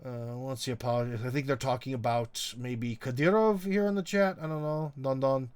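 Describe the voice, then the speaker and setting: A man's voice: mid-range voice, steady tone, normal speed, darkish tone, clear, resonant tone, no room sound. A middle-aged man hosting a live stream, chatting casually and reading viewer comments in a rambling, wry way, full of ums and uhs. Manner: wry, teasing.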